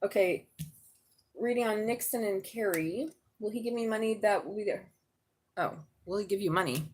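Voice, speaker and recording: A woman's voice: medium pitch, normal speed, slightly rough. A woman doing a live tarot reading, chatty and blunt, swearing and laughing as she talks. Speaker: tarot reader.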